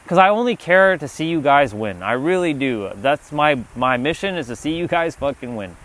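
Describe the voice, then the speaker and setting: A man's voice: on the high side, lively intonation, moderate pace, a bit bright. A man giving a motivational livestream talk, emphatic and profane, often repeating himself. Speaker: livestream speaker.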